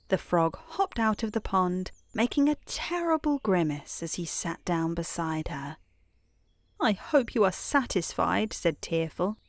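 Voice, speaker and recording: A woman hosting and reading a bedtime story aloud in a soft, soothing manner. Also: mid-range voice, dry recording, clean studio sound. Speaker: host and storyteller.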